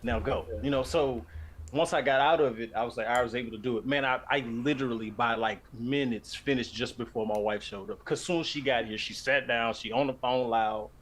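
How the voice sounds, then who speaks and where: A man from Louisiana, a voice actor, chatting on a stream in an articulate, animated way. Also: mid-range voice, a little fast, slight background noise. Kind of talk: casual chat on a stream.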